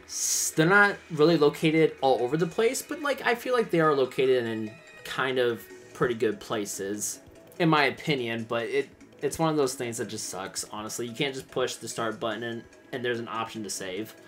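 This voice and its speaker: A man's voice: medium pitch, expressive, moderate pace, a bit bright, soft background music. A man hosting a let's play, chatty and enthusiastic. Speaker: gaming channel host.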